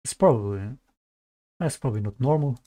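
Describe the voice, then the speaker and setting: A man's voice: mid-range voice, a little fast, dark tone. Casual streamer man reacting. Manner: loose, swearing, talks to the chat.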